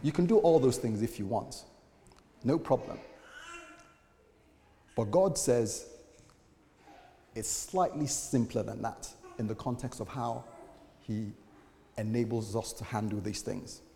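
A man's voice: medium pitch, slow pace, gravelly, long pauses, warm tone, long reverb tail, a little hiss or hum. A man preaching a sermon as a pastor, speaking in a conversational way and acting out the voices of people he quotes.

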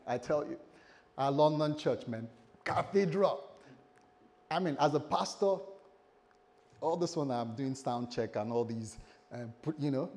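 Male pastor preaching with animated storytelling. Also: mid-range voice. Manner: animated storytelling with self-mocking humor. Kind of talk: sermon. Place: church, speaking to a congregation.

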